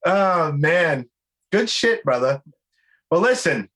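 Bright-voiced, profane podcast host. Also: male voice, a little high, big pitch swings, takes it slowly, low-quality recording. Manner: profane, effusive and enthusiastic. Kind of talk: casual interview chat.

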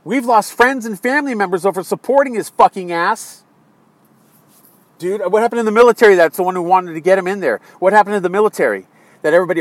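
An American man ranting angrily about politics, swearing constantly and swinging between low muttering and exasperated yelling. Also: quick pace, no room sound. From United States. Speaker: political commentator. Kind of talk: angry political rant.

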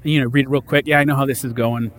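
A man preaching a sermon in a casual, conversational way, reading scripture and explaining it with lively asides. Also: mid-range voice, rapid-fire. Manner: conversational, animated, acts out disciples' lines. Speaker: pastor.

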